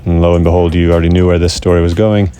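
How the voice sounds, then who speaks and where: A man's voice: low voice, level tone, rapid-fire, warm tone, soft background music. A man hosting his own vlog, narrating in a casual, scripted way with wry, self-mocking humor. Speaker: vlog host.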